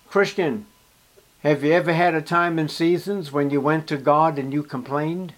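High-voiced male preacher. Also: steady tone, normal speed. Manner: emphatic, addresses listeners directly. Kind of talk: sermon.

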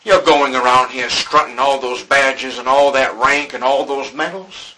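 Brief: male pastor, husky edge, slow dramatic preaching. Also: medium pitch, steady tone, bright, forceful tone, rough recording. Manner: dramatic, acts out scripture dialogue. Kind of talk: sermon.

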